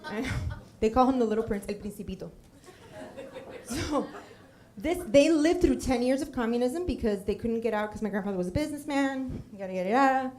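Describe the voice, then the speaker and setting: A middle-aged woman from Puerto Rico giving a personal storytelling talk with slides. She is humorous, lively and often drifts into tangents and acted quotes. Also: fairly high pitch, fairly quick. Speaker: storytelling speaker on stage.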